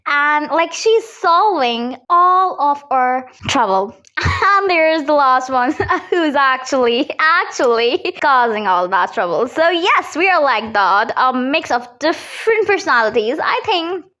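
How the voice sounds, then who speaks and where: A woman telling casual relatable stories in a voice-over, giggly and animated, filling her talk with "like.". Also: high-pitched, measured pace, hardly any pauses. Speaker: storyteller.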